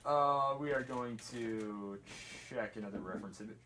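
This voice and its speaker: A man's voice: lowish voice, normal speed, fairly bright tone, slight background noise. A man chatting casually while making a prop, rambling with self-mocking jokes. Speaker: prop maker. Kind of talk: casual workshop chat.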